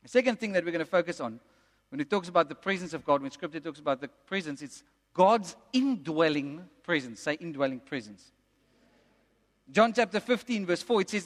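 Male preacher, high tenor, emphatic sermon delivery, church-hall reverb. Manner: emphatic, repeats lines slowly for effect. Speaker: pastor. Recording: long reverb of a large hall.

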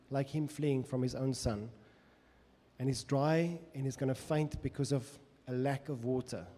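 A man's voice: medium pitch, mellow. A man from South Africa preaching a sermon with passion, often speaking in first person as the psalmist. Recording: long echo of a large hall.

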